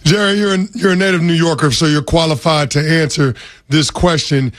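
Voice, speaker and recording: A man's voice: a little high, fairly even intonation, fairly quick. A man hosting and asking a question in a casual chat.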